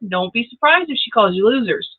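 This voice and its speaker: A woman's voice: a little high, expressive, a little fast, breathy edge. A grandmother hosting a casual livestream, chatty and laughing often as she reads out viewer comments. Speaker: livestream host. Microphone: new plug-in microphone. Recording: tinny phone-like sound.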